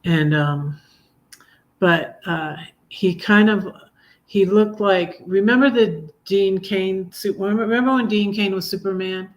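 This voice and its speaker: Middle-aged woman poet, livestream host; casual, halting delivery, sincere and heartfelt, medium pitch. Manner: halting, full of ums and restarts, soft laughs; heartfelt, gets emotional while reading. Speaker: poet hosting a live stream. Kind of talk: casual livestream chat and poetry reading.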